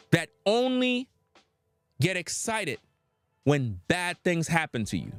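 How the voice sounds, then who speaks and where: A man delivering street-style preaching commentary in an emphatic, slangy way with drawn-out dramatic pauses. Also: sits high, fairly bright tone, no echo.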